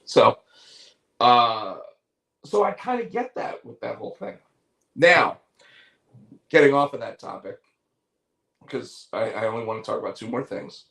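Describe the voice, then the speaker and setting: A man's voice: mid-range voice, expressive, a little slow, vocal fry, pauses often, a bit bright. A man hosting a podcast in casual chat, rambling animatedly and restarting his sentences. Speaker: podcast host. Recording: echoey room.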